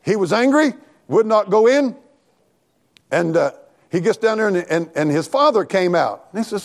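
A man preaching an animated, folksy sermon in church, talking back and forth with the congregation and laughing along. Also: high voice, fairly quick. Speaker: pastor.

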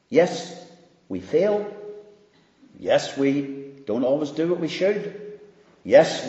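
A man delivers an unhurried sermon, leaning hard on key words and then dropping almost to a hush. His voice sits at an ordinary pitch. The recording is muffled and carries a long hall reverb. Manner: slow, emphatic preaching with sweeping rises and hushed drops. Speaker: preacher. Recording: dull, echoey hall recording.

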